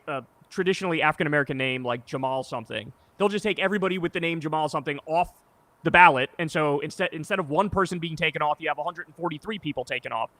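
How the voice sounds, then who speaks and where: Fast, emphatic, indignant man. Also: on the high side, fairly bright tone, dry recording. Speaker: political commentator guest. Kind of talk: animated political discussion.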